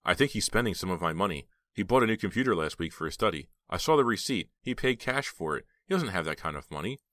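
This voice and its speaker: A man's voice: sits low, animated, fast talker, sharp tone, no echo, clean studio sound. A man voicing a resentful teenage girl working as a waitress, glum and complaining.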